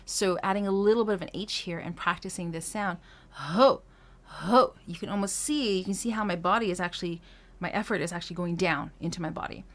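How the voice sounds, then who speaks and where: A woman's voice: fairly low pitch, quick pace. A woman vocal coach teaching a singing lesson, explaining technique between short demonstrations, with frequent fillers and restarts. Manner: explains technique, then sings short phrases and vocal drills.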